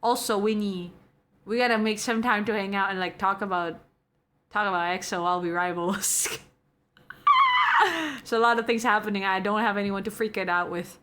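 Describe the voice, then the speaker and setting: A young woman hosting a relaxed live stream, chatting with her viewers and reading their messages aloud. She is giggly and chatty, sliding between a soft, hushed voice and sudden bursts of excitement. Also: medium pitch, moderate pace, long pauses, a little hiss or hum. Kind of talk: casual stream chat.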